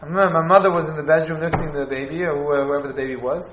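Guy teaching a class, halting, lots of restarts, echoey dull recording, a bit high. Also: steady tone, background noise. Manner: halting, restarts, Hebrew and Yiddish terms. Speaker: Torah teacher. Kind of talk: informal class on Jewish law.

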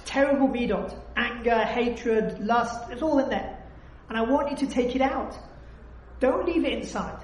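A woman leads a religious study discussion in a slightly high voice. She speaks emphatically, often slipping into dramatic acted-out prayers. The room adds a clear echo. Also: moderate pace, a little mellow, a little hiss or hum. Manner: emphatic, acts out heartfelt prayers. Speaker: religious teacher. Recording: echoey room.

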